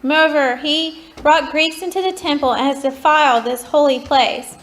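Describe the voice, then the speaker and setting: A woman in a church Bible class reading scripture aloud at a steady pace. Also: high-pitched, moderate pace.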